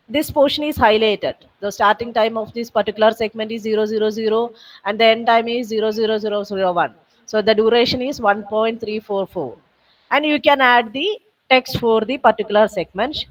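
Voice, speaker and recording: A woman giving patient, step-by-step software training over a video call, with frequent fillers. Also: on the high side, distant mic, rough recording. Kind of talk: online training session walkthrough.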